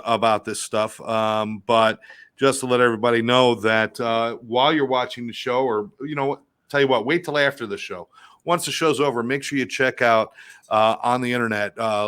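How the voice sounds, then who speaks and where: A man's voice: medium pitch, a bit bright, clear, resonant tone. Chatty male podcast co-host. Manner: chatty, filler-heavy. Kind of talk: show introduction.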